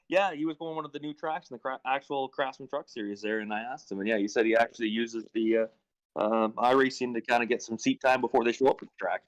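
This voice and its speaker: A man chatting casually on a podcast in a relaxed, agreeable way. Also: mid-range voice, brisk, muffled recording. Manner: relaxed, agreeable, reads the chat.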